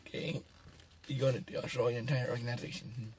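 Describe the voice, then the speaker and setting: A man's voice: medium pitch, animated, unhurried, vocal fry, pauses often, a little mellow, slight background noise. A man giving a casual, rambling film review, sarcastic and mocking, chuckling at his own jokes. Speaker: movie reviewer.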